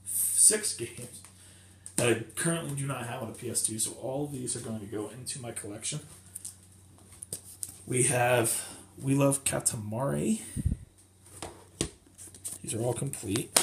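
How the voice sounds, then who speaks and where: Male vlogger, unhurried, rambling show-and-tell, audible hiss and clicks behind. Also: mid-range voice. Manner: rambling, self-correcting, chatty. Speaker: game collector showing finds. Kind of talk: casual show-and-tell vlog. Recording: clear background noise with clicks.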